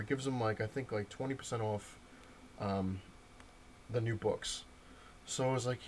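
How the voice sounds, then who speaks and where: Showing his purchases at home, a comic collector talks to camera in a mid-range voice with fairly even intonation, speaking a little slowly. His story of the comic shop visit wanders, packed with fillers and restarts, and a little hiss or hum sits under the recording.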